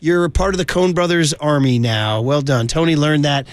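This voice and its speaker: A man's voice: fairly high pitch, moderate pace, dry recording, studio quality. A man hosting a sports talk radio show, chatting in a breezy, joking, rambling way. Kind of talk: casual radio chat. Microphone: close studio mic.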